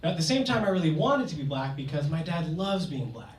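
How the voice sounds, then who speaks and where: A young man tells a true story with comic timing at a live storytelling night. His voice sits slightly high and sounds distant in a roomy hall. Audience noise is heard behind him. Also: fast. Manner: comic, conversational, animated. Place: stage before a live audience. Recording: echoey hall, mic from afar, audience noise.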